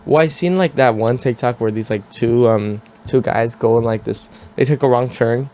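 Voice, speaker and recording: A young man at middle pitch hosts a relaxed podcast chat, with faint noise in the background. He answers in short, slangy remarks. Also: moderate pace. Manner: relaxed, brief reactions and slangy asides. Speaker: podcast host.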